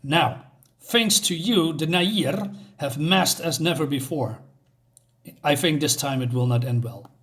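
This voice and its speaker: A man voicing an ancient, weary troll guardian in armor, reading the lines plainly with halting restarts. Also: fairly high pitch, fairly bright tone.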